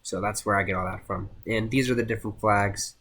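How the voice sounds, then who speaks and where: A young man giving a casual class presentation, halting with many fillers and restarts. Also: fairly low pitch, steady tone, a bit bright, breathy edge. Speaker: student presenter.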